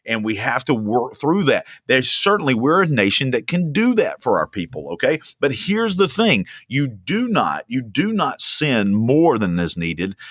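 A man's voice: mid-range voice, fairly bright tone, dry recording, studio quality. A young man preaching a sermon as a pastor, emphatic and fond of repeating lines for stress. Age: young adult.

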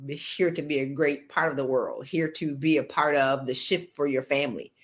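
A woman hosting a podcast, giving a motivational talk in an animated, playful, colloquial way. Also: extremely low pitch, moderate pace. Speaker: podcast host.

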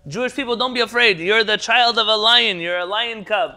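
A man's voice: high-pitched, lively intonation, normal speed, vocal fry, hardly any pauses, bright, forceful tone. A man teaching a Talmud class over a video call, translating Hebrew terms, quizzing the class and jumping between points. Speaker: Torah teacher.

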